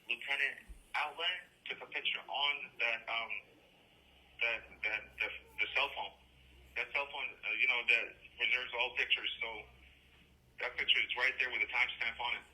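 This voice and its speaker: A man's voice: mid-range voice, steady tone, moderate pace, sharp tone. A man calling from jail on a phone line, agitated and insistent, repeating himself as he lays out a complaint. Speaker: incarcerated caller.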